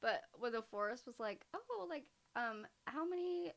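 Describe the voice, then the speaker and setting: A woman's voice: a little high, normal speed, creaky. A woman co-hosting a podcast, telling stories in casual chat and acting out what others said. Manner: animated, acts out others in stories. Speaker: podcast co-host.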